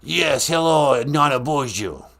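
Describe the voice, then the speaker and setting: An older male doctor phones in to a comedy podcast and lectures the hosts in a fussy, earnest way, as the host puts him on. His pitch roams widely as he explains himself. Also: lively intonation, takes it slowly, vocal fry, a bit bright, heavily acted. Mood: lecturing. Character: impression of a famous older male public health doctor, earnest and officious.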